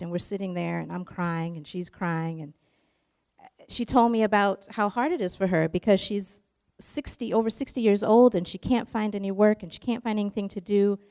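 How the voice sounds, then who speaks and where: A woman's voice: mid-range voice, moderate pace, a little mellow. A woman telling a personal story in an earnest, emotional way, in long flowing runs.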